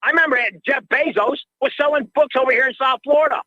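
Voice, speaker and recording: A man's voice: very high voice, fast, no echo. An older man calling in to a radio show, ranting in an agitated way and repeating himself, heard through dull lo-fi call audio. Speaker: caller.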